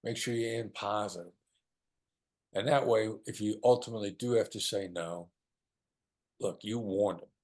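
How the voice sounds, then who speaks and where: Man guest, low voice, emphatic, negotiation tips over a video call. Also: a little mellow. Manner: emphatic, drops into a slow soothing voice to demonstrate. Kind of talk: lively explanatory talk.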